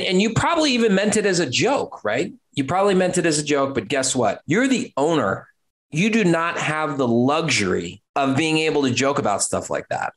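A man in his thirties, an agency owner, gives business advice at a middle pitch. He is blunt and emphatic, swears casually, and repeats words to drive his points home. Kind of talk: direct-to-camera business talk.

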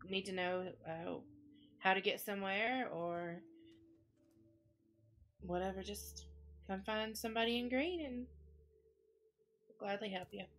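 A woman's voice: medium pitch, unhurried, pauses often, slight background noise. A woman roleplaying a ranger in a game, talking casually with many "like"s and "uh"s. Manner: casual, filler-heavy with "like".

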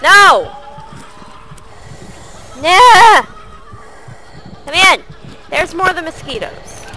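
A woman giving loud, profane gameplay commentary, yelling at her character. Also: very high voice, big pitch swings, extremely slow, a little hiss or hum, low-quality recording. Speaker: let's play gamer.

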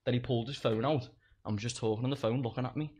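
Young man, chatty storyteller, swears freely, laughs mid-story, mid-pitched everyday voice. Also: steady tone, rapid-fire, a little mellow, husky. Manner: swears a lot, laughs through his stories. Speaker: guest comedian. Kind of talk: casual storytelling chat.

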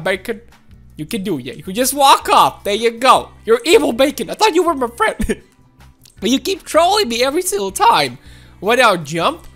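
A woman hosting a gaming channel, giving excitable, playful let's-play commentary with frequent laughs and shouts. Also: medium pitch.

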